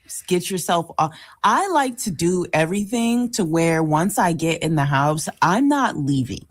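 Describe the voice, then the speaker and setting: A woman with a very low voice co-hosting a morning radio show. She explains things in a relaxed way with hesitant "um"s, recorded close and dry in a studio. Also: normal speed, no room sound. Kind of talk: casual chat.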